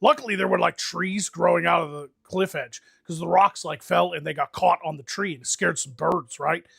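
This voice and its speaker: A man's voice: high-pitched, moderate pace, vocal fry, a bit bright, slightly rough, no echo, clean studio sound. A man rambling through crude, comic adventure stories in an improvised role-play livestream. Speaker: game master and player.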